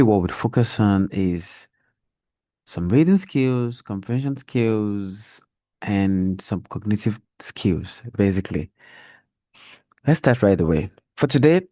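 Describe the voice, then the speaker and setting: A man teaching a reading lesson, speaking deliberately and modelling intonation as he reads a children's story aloud. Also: lowish voice, mellow, no echo, studio quality. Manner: slow, deliberate, demonstrates intonation.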